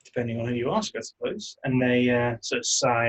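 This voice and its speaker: Husky-voiced game master. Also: male voice, mid-range voice, fairly quick, rough recording. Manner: relaxed, hesitant narration with many fillers. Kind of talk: narrating a tabletop game.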